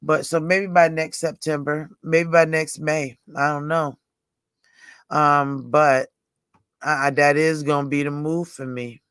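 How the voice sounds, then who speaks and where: A woman's voice: sits low, flat delivery, a little slow, fairly bright tone, smooth, dry recording, studio quality. A woman in her forties hosting a livestream in rambling, casual chat, often laughing. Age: 40s. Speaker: livestream host.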